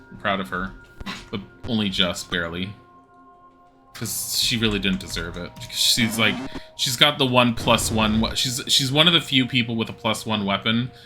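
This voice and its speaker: A man's voice: fairly low pitch, sharp tone. A man streaming a game live, giving wry, casual commentary that swears now and then and reads menu choices aloud.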